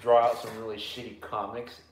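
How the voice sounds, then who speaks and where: A man's voice: fairly low pitch, level tone, a little fast, echoey room, slight background noise. A young man in crude, joking casual banter as podcast co-host, sliding into silly voices. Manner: joking, profane, keeps slipping into voices.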